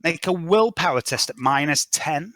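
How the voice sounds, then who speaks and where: A man narrating a tabletop game as game master, chuckling and quickly reading out dice results. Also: on the high side, lively intonation, fairly bright tone, no room sound.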